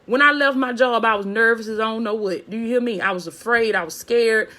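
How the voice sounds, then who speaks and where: A woman's voice: a little high, fairly quick, bright, forceful tone. A woman preaching a motivational sermon on a phone video, fervent, repeating phrases and calling out to her listeners.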